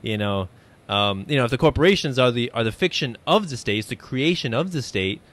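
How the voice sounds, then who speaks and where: A young adult man hosting a relaxed interview, talking in a rambling way with lots of fillers and restarts. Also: mid-range voice, a little fast. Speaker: podcast host. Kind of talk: casual conversational interview.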